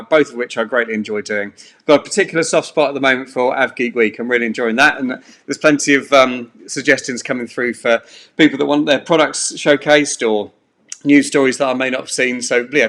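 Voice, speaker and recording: A man runs a live-streamed pub quiz from a bedroom at home. His voice sits at an ordinary middle pitch. He talks in a loose, rambling way with plenty of fillers. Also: a bit bright. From England. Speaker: quiz host.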